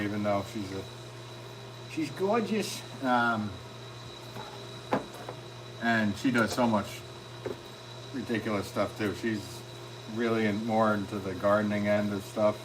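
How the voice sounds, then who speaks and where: A middle-aged man chats loosely with viewers during a live stream from his pottery studio. He rambles and jokes, restarting sentences as he goes, at an ordinary pitch for a man. A steady, clearly audible noise sits behind his voice. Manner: easygoing, rambling, jokey with frequent ums and restarts.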